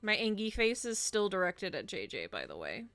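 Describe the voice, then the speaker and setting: A woman streamer chatting casually to her viewers while playing, playfully indignant, jumping between loud exclamations and grumpy mutters. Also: medium pitch, wildly swooping pitch, normal speed, no room sound, soft background music. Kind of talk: casual live-stream chat.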